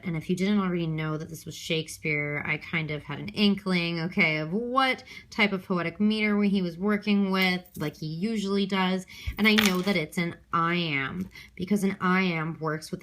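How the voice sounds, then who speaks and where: A woman's voice: lowish voice, fairly bright tone, a little hiss or hum. A woman teacher recording an extra help lesson on her handheld phone, thinking aloud step by step with many ums and okays.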